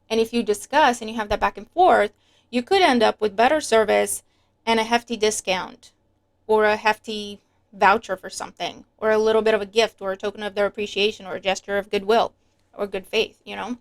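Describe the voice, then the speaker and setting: A woman's voice: mid-range voice, steady tone, brisk. A woman giving a casual tarot reading to her viewers, chatty and emphatic, sometimes breaking into a rant. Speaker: tarot reader.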